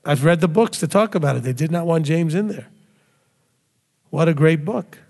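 High-voiced man preaching in a hall. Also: normal speed. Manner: animated preaching, laughs often, acts out voices. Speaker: rabbi. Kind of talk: sermon.

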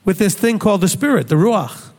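High-voiced man teaching scripture. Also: lively intonation, brisk, darkish tone, big-room sound. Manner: conversational, asks rhetorical questions. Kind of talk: Bible study teaching.

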